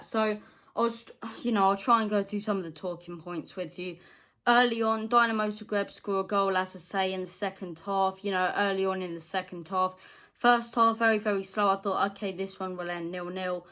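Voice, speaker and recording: A woman hosting a football fan channel, delivering a heated, exasperated post-match reaction rant that swings from low grumbling to loud outbursts and repeats points for emphasis. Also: moderate pace.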